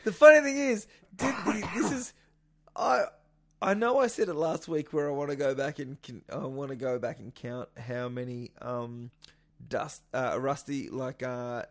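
An excitable man co-hosting a casual sports podcast. He swears freely and often bursts into louder, shouted lines. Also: mid-range voice, moderate pace, gravelly. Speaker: podcast co-host.

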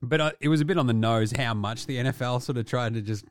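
A man's voice: medium pitch, quick pace, no room sound, studio quality. A young adult man, co-hosting a sports podcast in casual, profane, joking banter. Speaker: podcast co-host.

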